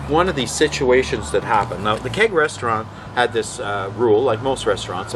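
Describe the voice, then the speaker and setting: A man's voice: on the low side, noisy background. A man telling rambling anecdotes in a casual vlog, often acting out what others said. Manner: rambling, animated, quotes others in voices. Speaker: vlog host.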